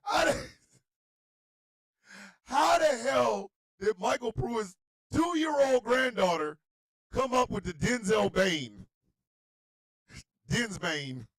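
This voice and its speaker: High, lively male radio host, loud incredulous comic ranting, dry close sound. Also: slow, no room sound. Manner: animated, shouting, incredulous. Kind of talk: comedic talk radio rant.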